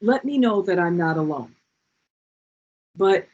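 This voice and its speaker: Passionate session leader, husky voice, dull lo-fi call audio, repeats key lines. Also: medium pitch, expressive, measured pace, long pauses, darkish tone. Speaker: speaker leading a group session. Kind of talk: heartfelt motivational talk. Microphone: video call.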